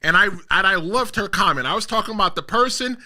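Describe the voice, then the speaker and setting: A man hosting a casual podcast, talking emphatically and cutting in on his co-hosts. His voice sits high and rings with a very bright, forceful edge. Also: animated, fast. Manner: emphatic, talks over others, reads chat aloud. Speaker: podcast host and wrestler.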